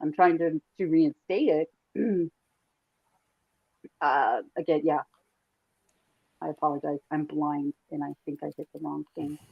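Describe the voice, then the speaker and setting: A woman's voice: deep voice, fairly even intonation, a little slow, vocal fry, long pauses, husky, no echo. A woman hosting a live stream, brash and swearing, talking to her viewers. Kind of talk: casual chat. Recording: dull dry lo-fi stream audio.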